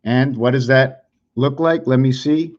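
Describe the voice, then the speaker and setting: A man's voice: mid-range voice, unhurried, lo-fi sound. A man thinking aloud as he draws and explains, rambling and musing, often unsure of himself. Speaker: video creator.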